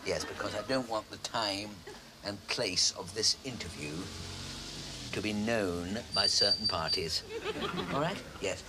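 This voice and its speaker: A man's voice: fairly low pitch, unhurried, noisy background, natural voice. An actor in his forties playing a meek, fussy son in a studio sitcom, flustered and apologetic. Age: 40s. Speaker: grown son. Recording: studio audience laughter. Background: audience laughter.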